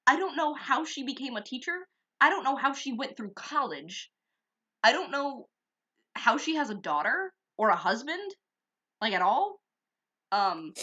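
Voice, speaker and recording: A teenage girl co-hosting a casual podcast, telling a school story in an animated, indignant way. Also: fairly high pitch, lo-fi sound. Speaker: podcast co-host.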